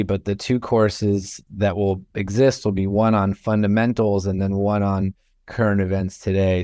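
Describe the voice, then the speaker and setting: Man from Florida, low smooth voice, professor guest, measured and thoughtful, dry close mic. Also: a little mellow, dry recording. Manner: thoughtful, measured, many fillers. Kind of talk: casual interview talk.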